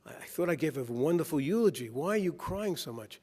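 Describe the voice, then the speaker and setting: A man voicing a gentle, accommodating rabbi. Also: a little high, expressive, fast talker, breathy edge. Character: patient accommodating male rabbi. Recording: long reverb in a conference hall.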